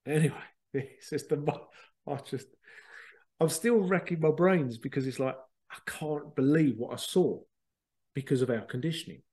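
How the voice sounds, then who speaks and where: Mellow-voiced man telling a rambling story. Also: on the high side, normal speed, husky. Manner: excitable, rambling, repeats himself, swears casually. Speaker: spiritual medium and podcast host. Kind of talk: casual storytelling monologue.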